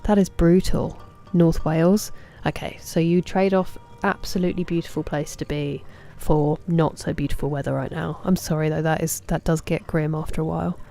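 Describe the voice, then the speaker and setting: A woman in her thirties streams a game and chats easily with her viewers, now and then muttering softly to herself. Her voice sits low with a gravelly fry. Its tone is dark and mellow. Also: steady tone, moderate pace, few pauses, soft background music. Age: 30s. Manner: chatty, reads and answers chat, mutters softly to herself. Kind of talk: casual live-stream chat while gaming.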